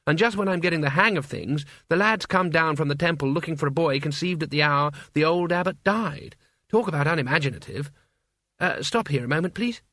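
A man's voice: a little high, brisk, sharp tone, dry recording, studio quality. A man voicing a small, cheerful old monk who speaks placidly and pleasantly in an audiobook reading.

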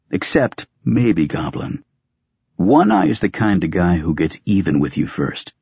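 Deep husky male audiobook narrator. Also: no echo, dull audio. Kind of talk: first-person audiobook narration.

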